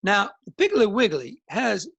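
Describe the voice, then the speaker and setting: A middle-aged man with a rough, gravelly edge and a slightly high voice spins rambling stories as an interview guest. He acts out the people he quotes and keeps the talk loose and conversational. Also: wildly swooping pitch, a little slow, a bit bright, lo-fi sound. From northern New Jersey and Alabama. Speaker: musician guest. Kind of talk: casual storytelling interview.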